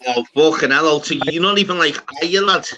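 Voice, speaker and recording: A man's voice: fairly high pitch, quick pace, over a noisy crowd. A man with a Liverpool accent hosting a casual online panel, swearing freely and calling everyone lad. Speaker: stream panel host. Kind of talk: casual banter. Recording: dull lo-fi sound with faint noise.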